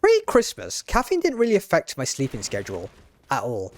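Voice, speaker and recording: A man's voice: mid-range voice, huge pitch swings. A man, rambling casually on stream, often cutting himself off and restarting. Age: late 20s. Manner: rambling, quick, self-interrupting with restarts.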